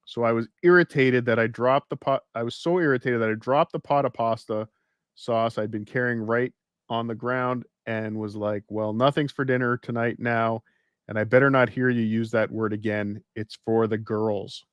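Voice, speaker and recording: A man co-hosting a casual podcast, reading a story aloud with wry, deadpan asides. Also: medium pitch, moderate pace, clean tone, no room sound. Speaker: podcast co-host.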